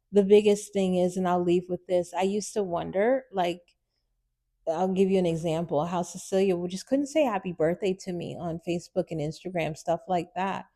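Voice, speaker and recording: A woman's voice: medium pitch, dark tone. A woman speaking straight to her mother in an emotional monologue, hurt and pleading, close to tears. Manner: hurt, pleading, repetitive apologies. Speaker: vlogger addressing her mother. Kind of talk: emotional direct-to-camera monologue.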